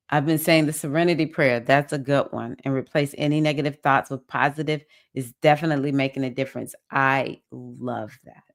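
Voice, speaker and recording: Host: Southern woman, slightly low voice, upbeat and encouraging, reading comments on a webcam live stream. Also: creaky. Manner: warm, encouraging, reads comments aloud and cheers viewers. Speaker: spiritual teacher hosting a live session. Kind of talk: casual live-stream chat.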